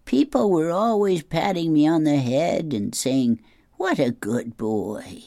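A gently wistful grandfather muses about his lost hair, as a reader puts him on. The delivery is slow and drawn out. The voice sounds dry and close, with no room around it. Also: medium pitch, animated, creaky, no echo, pitched above the performer's own voice. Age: older.

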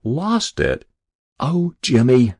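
A gentle small-town mother, bewildered and fretful, speaks to her son, voiced by a male reader. The pitch lifts somewhat above his own low register, and a husky grain stays in it. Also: wildly swooping pitch, extremely slow, dry recording, clean studio sound, full character voice. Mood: dismayed. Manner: soft, fretful and tender. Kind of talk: audiobook character voice.

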